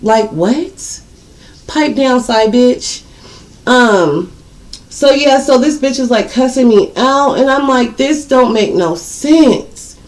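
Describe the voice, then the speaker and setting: A woman's voice: a little high, slow pace. A woman telling viewers a personal story in a casual, blunt, profane way. She speaks to her audience directly and repeats words for emphasis. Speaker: storytime vlogger.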